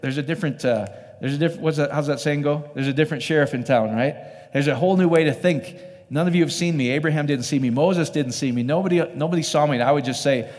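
A man with a mid-range, darkish voice delivers a loose, conversational sermon, frequently putting rhetorical questions to his listeners. A hall's long reverb surrounds the recording.

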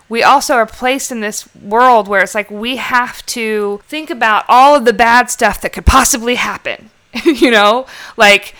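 A woman talking casually on a podcast, rambling and emphatic, breaking into laughter often. Her voice is bright and clear, with a crisp edge. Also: mid-range voice. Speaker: podcast co-host. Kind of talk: casual conversation.

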